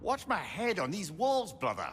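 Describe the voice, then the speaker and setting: A man's voice: high-pitched, huge pitch swings, moderate pace, a bit bright, slight background noise, heavily acted. A man voicing a witty, chatty male talking head in a video game, teasing and fond of riddles and puns. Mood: playful. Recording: game audio with music behind.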